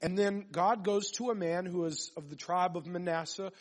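A man's voice: sits high, moderate pace. A man preaching a sermon, reading scripture aloud and then building his points with repetition and questions to the congregation.

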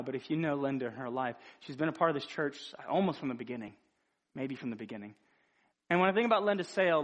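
A man preaching a sermon in an earnest, conversational way, often restarting his sentences. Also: fairly high pitch.

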